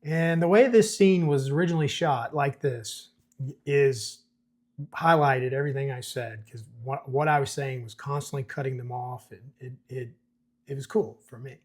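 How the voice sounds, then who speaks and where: A man's voice: medium pitch, moderate pace. A middle-aged man hosting a screenplay breakdown, chatting casually with fillers and restarts. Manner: conversational, chuckles, many fillers and restarts. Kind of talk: casual commentary reading script excerpts.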